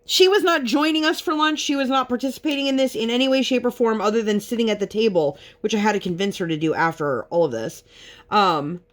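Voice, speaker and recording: A woman vlogger works on a craft while telling a long, frustrated story, chatty and casual, exasperated and full of fillers. Her voice is a little high and she talks fast.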